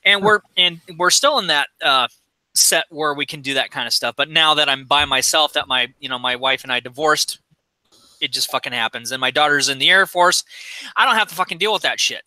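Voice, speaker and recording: A man's voice: on the high side, brisk, sharp tone, dry recording. A middle-aged man in casual chat on a podcast, ranting with a lot of swearing. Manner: profane, ranting. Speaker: podcast co-host. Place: recording studio.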